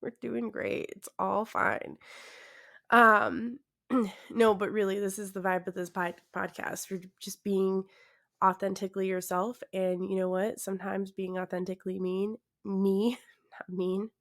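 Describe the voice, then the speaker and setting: A woman's voice: medium pitch, flat delivery, a little slow, a bit bright. A tired young woman hosting her own podcast in casual chat, awkward and self-deprecating, laughing often and trailing off into fillers. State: tired, yawning. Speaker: podcast host.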